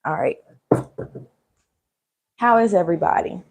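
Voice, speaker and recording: A woman's voice: on the low side, unhurried, creaky. Chatty woman livestreaming. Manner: chatty, rambling, joking. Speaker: livestream host. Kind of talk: casual livestream chat.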